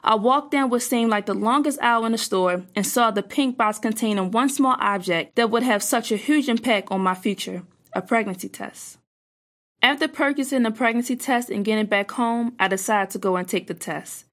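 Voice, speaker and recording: A young woman earnestly reading a personal story aloud, in a measured storytelling manner. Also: a little high.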